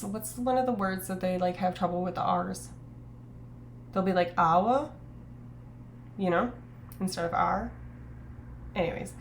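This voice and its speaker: A woman's voice: on the low side, a bit bright, a little hiss or hum. Rambling woman streamer, casual chat. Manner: rambling, many fillers and self-corrections; reads chat aloud and reacts.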